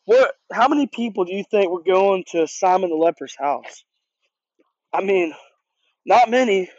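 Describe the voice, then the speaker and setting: A youth group leader gives a casual, earnest, conversational sermon, often restarting and repeating words. His high-pitched voice is animated, a little slow, and slightly mellow, with frequent pauses, in a dull, dry lo-fi recording with no room sound.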